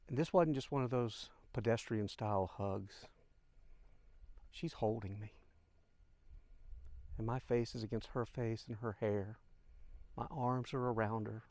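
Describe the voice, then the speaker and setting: A man's voice: mid-range voice, fairly even intonation, normal speed, long pauses, a little mellow, no room sound. An older man, a channel host, telling a heartfelt personal story straight to his listeners. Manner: heartfelt, addresses listeners as folks.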